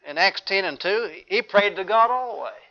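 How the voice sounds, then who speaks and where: A man preaching a sermon in an earnest, measured way, citing scripture. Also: high voice, expressive. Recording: dull lo-fi recording.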